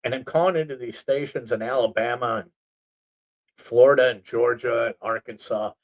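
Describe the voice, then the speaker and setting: A man voicing a quoted comedian friend, eager and animated, in a raised voice. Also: mid-range voice, moderate pace, natural voice, low-quality recording. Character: excited male comedian friend pitching an idea.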